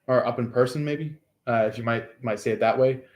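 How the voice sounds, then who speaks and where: A man's voice: medium pitch, fairly even intonation, a little fast, a little mellow. A man giving a casual astrology reading to his viewers, rambling and hesitant, with many fillers and restarts. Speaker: tarot reader.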